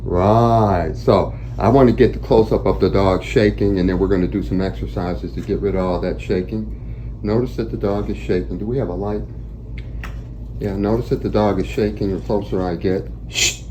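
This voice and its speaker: Deep-voiced man explaining dog training. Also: moderate pace, a little hiss or hum. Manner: steady, instructive, narrates each step as he works. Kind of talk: explaining a training session to camera.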